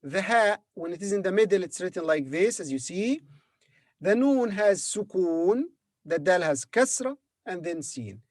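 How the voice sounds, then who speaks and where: Slow, patient male language teacher. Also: high voice, animated, darkish tone, no echo, studio quality. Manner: patient, sounds out syllables and repeats words. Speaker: Arabic teacher. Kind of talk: slow beginner language lesson.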